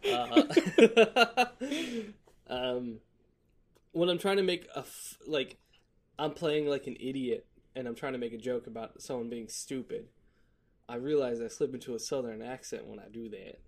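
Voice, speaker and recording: A man of middle pitch co-hosting a podcast, chatting in a loose, rambling way. He laughs easily and curses freely, with plenty of fillers as he goes. His pitch sits right in the middle. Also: measured pace. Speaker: podcast co-host. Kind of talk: casual joking chat. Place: lives in Florida.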